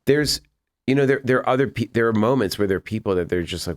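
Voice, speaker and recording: Speaking fast in a voice that sits low, this film director from Boston, USA is a podcast interview guest, recorded dry at studio quality. He chats casually, a rambling storyteller who acts out the people he quotes.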